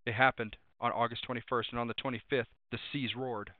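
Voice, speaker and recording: A male preacher delivers a sermon with emphatic repetition, circling back to the same refrain and reading out scripture references. His voice comes through thin and tinny, like a phone line, in a dry space with no room echo. He sits at a middle pitch for a man. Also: steady tone, a little fast. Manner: emphatic, repeats refrains and cites verses.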